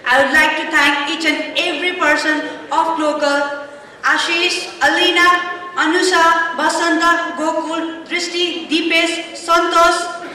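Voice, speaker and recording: Woman, formal award-night speech, high and bright, distant and roomy hall sound. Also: little pitch movement, measured pace. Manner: formal, reads long lists of sponsors and names. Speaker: organizing member giving the vote of thanks. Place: large hotel event hall. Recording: echoey hall, voice from a distant mic.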